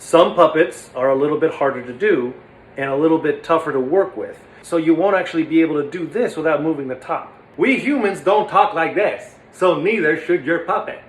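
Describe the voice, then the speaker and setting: A man teaching puppetry in a casual, energetic, demonstrative way. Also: fairly high pitch, fairly quick, echoey room. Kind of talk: casual instructional talk.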